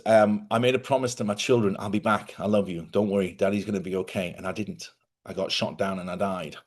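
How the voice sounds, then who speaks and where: A middle-aged man hosting a casual spiritual talk to viewers, chatty and rambling, correcting himself and laughing often. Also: lowish voice. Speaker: host.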